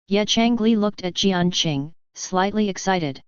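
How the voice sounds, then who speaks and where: A woman narrating a fantasy audiobook in an even, unhurried reading voice. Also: fairly low pitch, clean tone, no echo. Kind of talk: scripted narration. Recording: dry, dull lo-fi audio.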